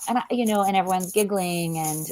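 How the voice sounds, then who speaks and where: A woman's voice: on the low side, brisk, a little mellow, slight background noise, poor audio. A woman speaking as an interview guest, thoughtful and full of "you know" fillers. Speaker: guest author and linguist. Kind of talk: interview conversation.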